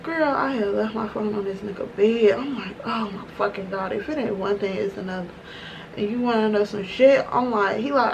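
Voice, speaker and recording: Profane, animated woman vlogger. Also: mid-range voice, moderate pace, gravelly, background noise. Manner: profane, animated, slangy storytelling. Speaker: beauty vlogger. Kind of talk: casual storytime while doing makeup.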